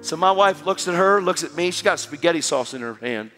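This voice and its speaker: A man preaching a sermon, telling stories and exhorting his congregation, moving between loud urging and hushed, quiet passages. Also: a little high, animated, fairly quick. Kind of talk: sermon with storytelling. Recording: long hall reverb with faint music.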